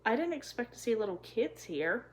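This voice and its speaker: A woman's voice: a little high, very animated, moderate pace, pitched above the performer's own voice. A woman voicing a curious young girl who speaks eagerly and earnestly in a storybook reading. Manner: eager, earnest, hot-tempered.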